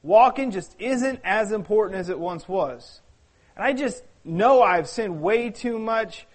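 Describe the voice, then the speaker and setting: A man voicing a paralyzed, doubtful man who speaks softly and sadly while reading his own story aloud. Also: very high voice, lively intonation, normal speed. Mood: downcast. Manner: soft, sad and hesitant.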